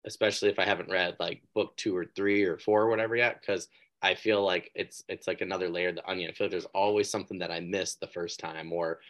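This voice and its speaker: A man hosting a podcast interview, upbeat and chatty, with quick reactions and rambling asides. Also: deep voice, steady tone, a bit bright. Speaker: podcast host. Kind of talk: casual interview chat.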